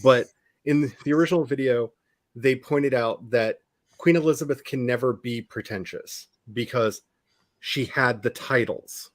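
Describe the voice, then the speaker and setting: Man, middle-pitched voice, rambling casual chat, dead dry recording. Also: a little slow, no room sound. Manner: rambling, self-reflective, with restarts. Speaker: podcast co-host.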